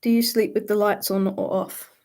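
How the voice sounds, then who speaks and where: A woman's voice: mid-range voice, little pitch movement, moderate pace, darkish tone. A woman hosting a casual live Q&A, chatty and laughing often as she reads out viewer questions. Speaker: livestream host answering viewer questions.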